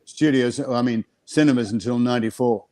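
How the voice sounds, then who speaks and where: A man's voice: medium pitch, brisk, warm tone. A man from Australia, a guest actor telling anecdotes on a video call, with frequent laughs and fillers. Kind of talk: casual storytelling on a video call.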